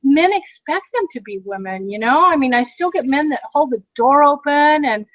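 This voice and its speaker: High-voiced and lively in intonation, a middle-aged woman from the United States co-hosts a podcast at normal speed, laughing frequently as she tells a story in casual chat. There is no echo; the audio is dry, dull and lo-fi.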